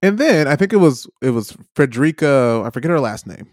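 A man's voice: mid-range voice, very animated, a little fast, darkish tone, no echo, clean studio sound. A young man co-hosting a podcast, telling a rambling story in casual chat with many fillers and acted-out quotes. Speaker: podcast co-host.

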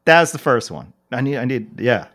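A man's voice: medium pitch, very animated, moderate pace, a bit bright. A man ranting and swearing in casual podcast chat as a co-host.

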